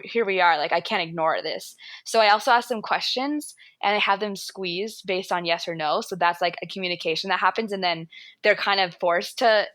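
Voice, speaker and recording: A woman with an American accent, a yoga instructor guesting on a podcast, talking in an animated way, swearing freely and laughing often. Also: medium pitch, no room sound. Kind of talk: podcast conversation.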